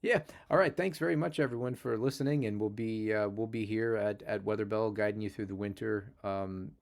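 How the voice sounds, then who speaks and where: A man hosting a weather discussion, explaining forecasts in a measured way. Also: fairly low pitch, vocal fry. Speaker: meteorologist host.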